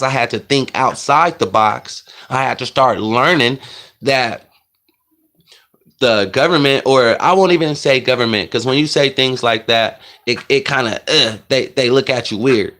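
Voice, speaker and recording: A man's voice: mid-range voice, normal speed, bright, forceful tone. Earnest man talking to camera. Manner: earnest, rambling, addresses viewers as y'all. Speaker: vlogger. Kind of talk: casual monologue to camera.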